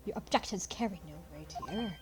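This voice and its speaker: A woman voicing a cold, haughty male aristocrat prosecutor, speaking slowly and disdainfully in a lowered, quieter voice. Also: a little hiss or hum, natural voice. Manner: clipped, disdainful, slow delivery.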